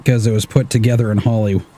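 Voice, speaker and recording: This man's voice is fairly low and mellow. He's a streamer in his thirties from Washington State, giving relaxed commentary on an off-road driving game while he mutters and occasionally curses.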